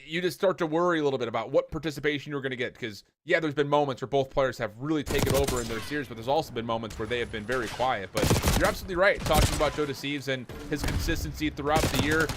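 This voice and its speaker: A man's voice: medium pitch, quick pace, hardly any pauses, heavy background noise. A man casually co-casting an esports match, chatty and jokey, rambling with lots of fillers. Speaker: esports co-stream caster.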